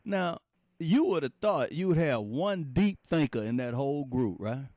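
A man preaching an informal sermon in a folksy, animated way, laughing often and talking straight to his listeners. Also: fairly high pitch, moderate pace, no echo.

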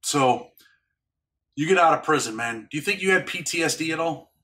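A man's voice: on the high side, lively intonation, moderate pace, pushed and bright. A man hosting an interview, asking questions in a casual, brotherly way. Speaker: interview host.

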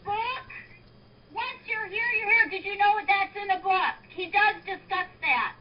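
A woman's voice: very high voice, unhurried. A woman pushing back defensively in a heated argument. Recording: muffled lo-fi with faint noise.

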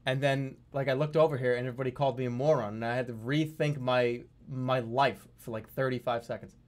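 A man streaming a geography guessing game, talking to his chat in a jokey, animated way. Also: medium pitch, fairly quick. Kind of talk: casual live-stream commentary.

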